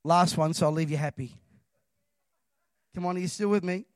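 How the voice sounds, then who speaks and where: A man preaching a sermon in a church, impassioned and rising to loud emphatic calls. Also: fairly high pitch, normal speed, no echo, studio quality.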